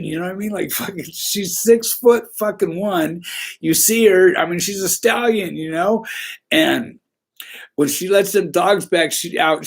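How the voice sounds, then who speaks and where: A man hosting a casual livestream, telling rambling, profane stories with a laugh now and then. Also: high voice. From Southern California. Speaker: livestream host.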